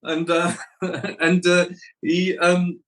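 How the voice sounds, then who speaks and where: Man, middle-aged, interview guest, reflective, animated anecdotes. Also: high-pitched, slow, poor audio. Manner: animated anecdotes, acts out quoted voices.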